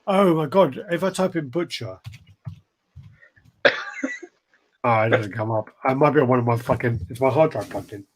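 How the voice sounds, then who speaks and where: A man's voice: medium pitch, moderate pace, long pauses. A man co-hosting a casual podcast chat, telling rambling stories and laughing as he talks. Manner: rambling storyteller, laughs a lot. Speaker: podcast co-host.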